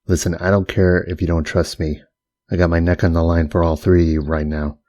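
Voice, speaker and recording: A man voicing a middle-aged getaway driver in an audiobook, low and calm while he lays out threats. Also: fairly quick, no room sound, natural voice. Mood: cool, menacing. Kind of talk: audiobook character voice.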